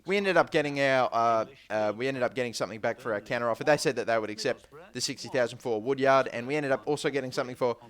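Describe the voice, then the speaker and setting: A young man giving casual, rambling let's-play commentary on a football video game, getting excited during the action. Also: mid-range voice, fast, few pauses. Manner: rambling, repeats "but still" and "to be completely honest"; gets excited calling match action. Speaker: gaming YouTuber.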